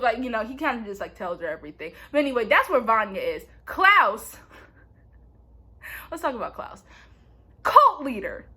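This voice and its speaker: Chatty young woman with a high, bright voice. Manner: chatty and playful, says "like" constantly. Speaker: vlogger. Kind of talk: casual TV recap chat.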